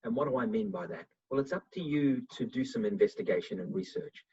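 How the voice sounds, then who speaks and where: A man giving a motivational webinar talk over a video call, answering questions and acting out little dialogues in a lively way. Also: mid-range voice, a little fast, vocal fry, breathy edge. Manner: animated, acts out little dialogues. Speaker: webinar speaker. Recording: muffled video call audio.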